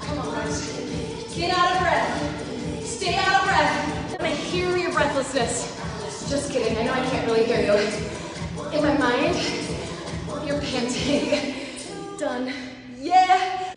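A woman's voice: high voice, expressive, slow, long pauses. A woman leading a virtual fitness class, calling out moves in an upbeat, sing-song way over workout music. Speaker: fitness instructor. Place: echoey studio with music behind. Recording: roomy studio with long reverb and loud music.

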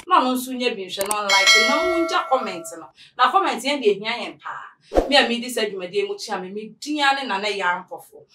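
Bright Ghanaian woman hosting a talk show. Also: a little high, roomy sound, recorded from a distance, a little hiss or hum, rough recording. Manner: chatty, mixes in English phrases. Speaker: show host.

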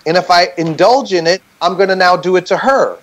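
An earnest man talking candidly as a podcast guest over a video call. His voice sits a little higher than most men's, and he works through his points reflectively, often tagging them with a quick "right?". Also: a bit bright. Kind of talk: candid conversational storytelling.

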